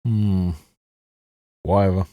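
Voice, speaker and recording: A man's voice: low-pitched, level tone, slow, no echo, dull audio. A man ranting sarcastically about a show as a reviewer, swearing heavily and breaking into mocking laughs. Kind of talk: ranting commentary over a show.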